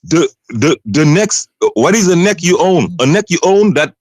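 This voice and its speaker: A man with a slightly high voice calls into a heated live debate. He is insistent, keeps cutting in, and laughs off his opponent. The sound is dry and close. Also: lively intonation, moderate pace, no echo. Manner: insistent, interrupts, laughs dismissively. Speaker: caller.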